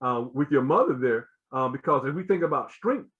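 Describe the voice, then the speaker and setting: A man's voice: mid-range voice, lively intonation, a little fast, lo-fi sound. A man giving an earnest explanatory talk as a guest speaker, with many fillers and repeated words.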